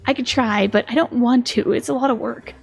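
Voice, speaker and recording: A woman's voice: on the high side, steady tone, fairly quick, creaky, darkish tone, faint music behind. A woman from Minnesota streaming a detective video game, reading its dialogue aloud with playful, giggly commentary. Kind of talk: casual let's-play commentary.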